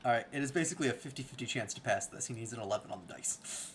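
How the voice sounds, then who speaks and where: A man acting as game master of a tabletop game, reading out rules in a relaxed way with many fillers. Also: medium pitch, rapid-fire, slight background noise.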